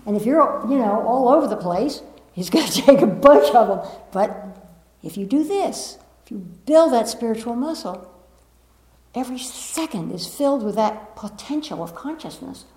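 Woman spiritual teacher addressing a live group; higher voice, emphatic and playful, roomy echo. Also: lively intonation, moderate pace, a little mellow. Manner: emphatic, repeats phrases, playful asides. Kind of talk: spiritual talk to a live audience. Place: room with a live audience. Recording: roomy echo of a meeting room.

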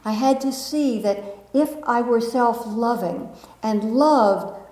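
A woman giving a spiritual talk to a live audience, gentle and reflective, often laughing at herself and asking the room questions. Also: on the high side, takes it slowly, reverberant, low-quality recording. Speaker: spiritual teacher.

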